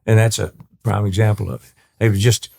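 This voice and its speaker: Brief: East Texas man, country singer guest, low voice, rambling storyteller who acts out quotes. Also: steady tone, a little fast, creaky, darkish tone. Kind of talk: storytelling interview talk.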